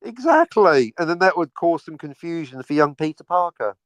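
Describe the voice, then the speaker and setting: A man's voice: on the high side, very animated, moderate pace. A man co-hosting a casual podcast, ranting sarcastically and swearing freely. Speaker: podcast co-host. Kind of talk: casual crude banter.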